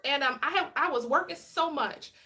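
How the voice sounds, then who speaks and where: A woman, a former police officer, talking casually to camera in an animated, frank and outspoken way. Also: high voice, moderate pace. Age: adult with a child.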